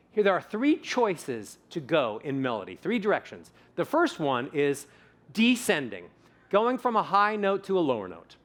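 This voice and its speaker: Male voice coach on a conference stage, lively swooping pitch, slightly high, playful and demonstrative. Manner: animated, demonstrates vocal examples, playful. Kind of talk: conference talk with audience exercises.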